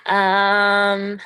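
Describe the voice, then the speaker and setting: A woman's voice: medium pitch, pushed and bright, clear, resonant tone, no room sound. A young woman from Kilkenny with an Irish accent, chatting casually as an interview guest and filling gaps with "um" and "like". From Kilkenny, Ireland. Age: young adult. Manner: chatty, laid-back, full of fillers. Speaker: college basketball player, guest.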